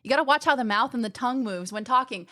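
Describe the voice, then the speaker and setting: A woman streamer chatting casually with her viewers, animated and rambling, often restarting her sentences. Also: fairly high pitch, fast talker, no room sound, studio quality. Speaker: gaming streamer.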